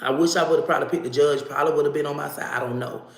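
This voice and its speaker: A woman telling a personal story to camera in a casual, animated way, swearing freely and acting out what people said. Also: low voice, very fast, gravelly, reverberant. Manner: animated, profane, acts out dialogue.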